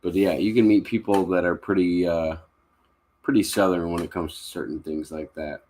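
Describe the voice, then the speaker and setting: A young man from Kentucky hosting a casual live stream from home, chatting loosely with plenty of fillers and quick laughs. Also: deep voice, fairly even intonation, a little mellow. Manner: easygoing, rambling with frequent fillers and laughs. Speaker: livestream host.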